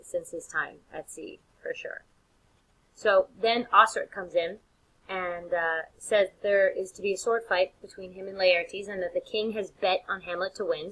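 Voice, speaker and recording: Bright, animated woman teacher lecturing. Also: mid-range voice, breathy edge, low-quality recording. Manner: animated, slangy retelling with many fillers and restarts. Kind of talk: casual lecture.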